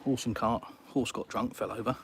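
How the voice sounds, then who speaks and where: A middle-aged man with an English accent, hosting a casual live Q&A outdoors. He talks bluntly and teases viewers with jokey banter in a middle-pitched voice. Faint ambient noise sits behind him. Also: fairly even intonation, normal speed. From England. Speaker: livestream host. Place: outdoors on a sunny balcony.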